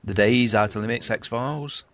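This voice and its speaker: A man's voice: mid-range voice, normal speed, a bit bright. A man co-hosting a casual rewatch commentary, chatty and joking as he talks over the show. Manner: joking, chatty, laughs often. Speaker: podcast co-host.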